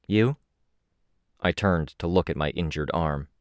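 Male narrator, deep low voice, steady measured reading, first-person audiobook, dry close recording. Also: no room sound.

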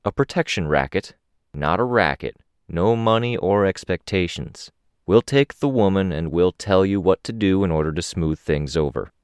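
A man voicing a calm, persuasive police officer who speaks in a measured way. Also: low voice, clean tone, no room sound, clean studio sound.

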